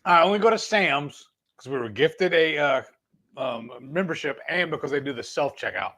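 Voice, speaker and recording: A man's voice: on the high side, animated, normal speed, sharp tone. A man, co-hosting a casual cooking livestream in an easygoing, chatty way. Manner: easygoing, talks to viewers as y'all. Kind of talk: casual live-stream chat.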